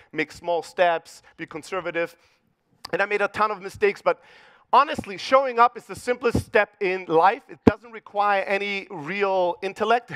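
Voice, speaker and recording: Greek-accented male keynote speaker, middle-aged, high voice, dry close sound, profane and punchy. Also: fairly bright tone, dry recording. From Greece. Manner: profane, punchy storyteller acting out dialogue. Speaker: conference speaker. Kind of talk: motivational keynote storytelling. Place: conference stage.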